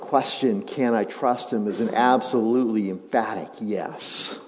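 A male pastor preaching a sermon, moving from quiet, reflective passages to loud, emphatic build-ups. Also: fairly low pitch, measured pace. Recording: muffled sound with long hall reverb.

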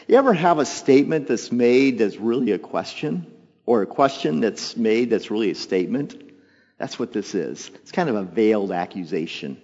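A man preaching a sermon, telling the story with lively asides and acting out the voices of the people in it. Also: normal speed. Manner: animated storytelling, acts out voices with jumps in pitch and volume. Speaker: pastor. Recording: long hall reverb, dull lo-fi sound.

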